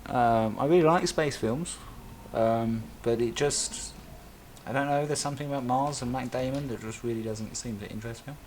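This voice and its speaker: A man in a casual live stream talks his way through building in a game, wandering off on small tangents and muttering to himself. His voice sits at an ordinary middle pitch. A faint bed of ambient noise runs beneath him. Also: moderate pace, a little mellow. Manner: rambling, thinking aloud with self-talk and tangents. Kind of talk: casual live-stream commentary while playing.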